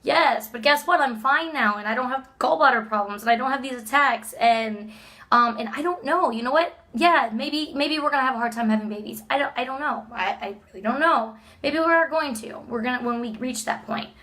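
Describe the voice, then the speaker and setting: Bright, upbeat woman in her thirties. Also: high voice, fairly quick. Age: 30s. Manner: earnest and upbeat, with frequent "like" and laughter. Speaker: vlogger. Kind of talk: motivational vlog talk.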